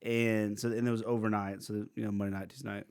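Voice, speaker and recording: A man's voice: on the low side, fast talker, creaky, clean tone, no echo, studio quality. Goofy man telling stories. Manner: goofy, animated storyteller. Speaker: podcast host. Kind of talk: casual podcast chat.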